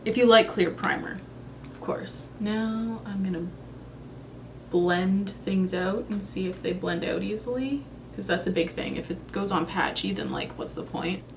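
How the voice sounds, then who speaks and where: A woman's voice: medium pitch, measured pace, gravelly, noisy background. A young woman chatting casually in a makeup review vlog, thinking aloud and second-guessing herself. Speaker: beauty vlogger.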